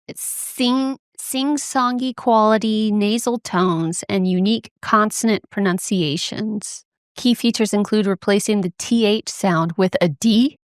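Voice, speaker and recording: A woman's voice: medium pitch, measured pace, no room sound. A young woman co-hosting a podcast in a mid-range voice. She chats easily and explains with enthusiasm. The recording is dry and close to the mic. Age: young adult. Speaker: podcast co-host. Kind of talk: casual chat.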